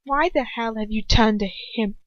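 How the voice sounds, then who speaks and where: A woman voicing an anguished young man, talking quietly in a strained voice that slips into whispers, on a dull lo-fi recording. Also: fairly high pitch, normal speed, dry recording, lightly acted.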